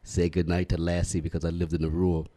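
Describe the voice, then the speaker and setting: A man's voice: low voice, little pitch movement, quick pace, dark tone, no echo. A man talking in an earnest, folksy, preachy way in a casual timed monologue. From United States.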